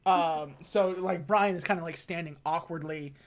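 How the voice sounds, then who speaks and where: A man co-hosting a podcast, casually recapping a film, often laughing and acting out lines in quick voices. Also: a little high. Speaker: podcast co-host. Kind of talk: casual movie recap chat.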